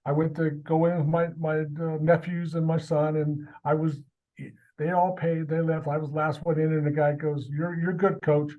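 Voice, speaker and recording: A man, a high school athletic director, telling stories as a guest in a casual interview and acting out the people in them. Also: normal speed, phone-quality sound. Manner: animated, acts out the people in his stories.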